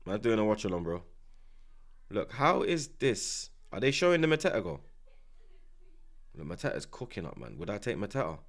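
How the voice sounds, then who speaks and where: Lively low-voiced man chatting. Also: normal speed, long pauses. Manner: slangy and rambling, with frequent restarts and tags. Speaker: watchalong host. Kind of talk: casual live commentary chat.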